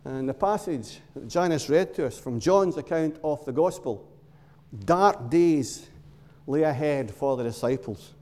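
A man's voice: on the high side, lively intonation, mellow. Man preaching in a reverberant church. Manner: storytelling, dramatic pauses and short emphatic phrases. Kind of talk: sermon. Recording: long reverb of a large hall.

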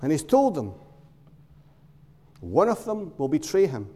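A man preaching a sermon in a church, telling stories in short emphatic phrases with dramatic pauses. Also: fairly high pitch, huge pitch swings, warm tone, breathy edge. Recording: long reverb of a large hall.

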